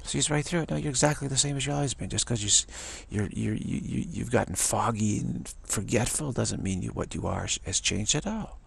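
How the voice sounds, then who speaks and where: A man's voice: medium pitch, brisk, vocal fry, few pauses, fairly bright tone, breathy edge. A man giving a long, off-the-cuff spiritual talk in a rambling, folksy way, with chuckling asides. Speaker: spiritual teacher.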